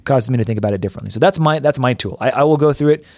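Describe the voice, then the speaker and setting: Guy talking fast about scripture on a podcast, dry close sound, kinda animated. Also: medium pitch, no echo. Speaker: podcast co-host, pastor. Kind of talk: casual Bible discussion.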